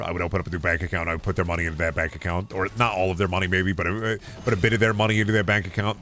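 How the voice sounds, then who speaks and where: A man's voice: fairly low pitch, fairly bright tone. A man streaming a video game, chatting casually with viewers, joking, rambling and swearing now and then. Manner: answers chat questions while playing.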